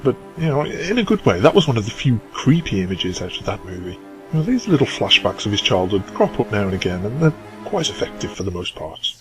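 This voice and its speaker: A man's voice: fairly low pitch, sing-song, brisk, a bit bright, soft background music, rough recording. A man hosting a film review, talking with dry, wry asides. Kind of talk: comedic review talk.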